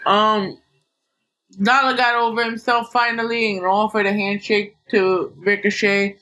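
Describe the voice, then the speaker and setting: Female podcast host, blunt and swearing, bright forceful voice. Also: medium pitch, level tone. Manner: blunt, swears, quick recap. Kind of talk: casual podcast chat.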